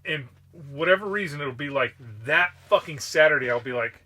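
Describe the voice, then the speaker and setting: A man from Southern California co-hosts a relaxed podcast in a fairly high, bright voice. He banters with loose swearing and easy laughter. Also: fairly quick. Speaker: podcast co-host. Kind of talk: casual chat.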